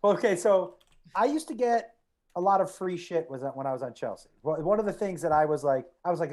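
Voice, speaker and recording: A man casually telling a prank story with friends, animated and swearing, acting out what people said. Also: high-pitched, brisk. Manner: animated, swearing, acts out quotes.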